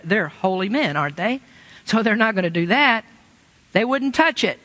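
A man's voice: extremely high pitch, sharp tone. A man preaching a sermon with emphatic rhetorical questions, sometimes mimicking excuses in a whiny voice. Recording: long hall reverb.

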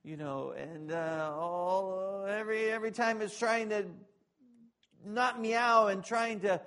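Delivering a sermon at a slow pace, this pastor has a voice that sits high. He alternates loud, emphatic preaching with quieter, joking asides aimed at the congregation.

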